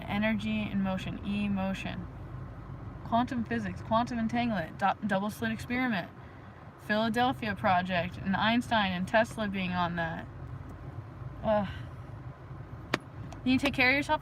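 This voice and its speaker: A woman's voice: mid-range voice, steady tone, moderate pace, long pauses, background noise. A young adult woman hosting a livestream, rambling casually about spirituality with frequent giggles and bursts of chanting. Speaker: livestream host.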